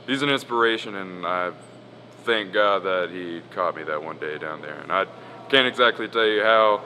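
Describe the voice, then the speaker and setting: A man with a fairly low but bright, forward voice speaks in a documentary interview. He sounds sincere and grateful, sometimes stumbling over his words. A faint hum of air conditioning is behind him. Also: moderate pace. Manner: grateful, sincere with hesitant restarts. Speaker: former choir member.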